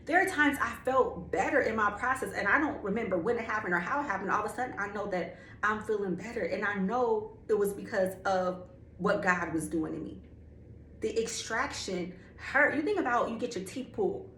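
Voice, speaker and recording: A woman's voice: medium pitch, a little fast, a bit bright. An emphatic young woman tells her faith story in a candid, slangy way and leans hard on key words. Her mid-range voice is caught in an echoey room, with a faint hum of ambient noise underneath. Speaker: faith speaker. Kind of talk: personal testimony.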